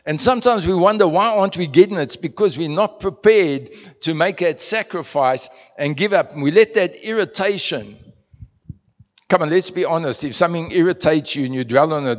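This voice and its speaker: South African pastor preaching in a church hall. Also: male voice, a little high, fairly quick. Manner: conversational preaching with rhetorical questions and repetitions. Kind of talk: sermon. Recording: muffled sound in a reverberant church hall.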